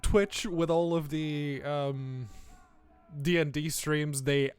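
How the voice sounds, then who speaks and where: A man's voice: a little high, fairly even intonation, slow, smooth. A young adult man hosting a live stream, giving casual gameplay commentary, chatty and laughing often. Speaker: streamer host.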